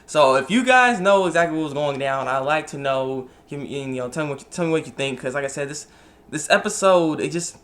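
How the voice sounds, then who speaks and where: A man's voice: fairly high pitch, lively intonation, a little fast, a bit bright. A young man casually reviewing an anime episode, rambling, repeating himself and trailing off often.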